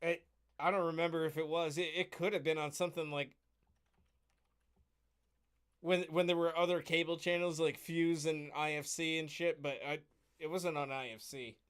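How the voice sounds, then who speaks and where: A man's voice: on the high side, steady tone, normal speed, long pauses, a bit bright, clear, resonant tone. A man co-hosting a casual podcast chat, talking in a blunt, crude, laid-back way. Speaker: podcast co-host.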